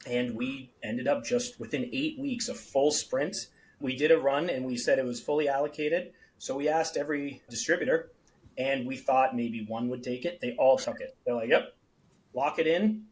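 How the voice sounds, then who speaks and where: Speaking at a normal speed in a mid-range voice, a beverage company founder recounts stories on a laid-back podcast, acting out what people said. The recording is low quality.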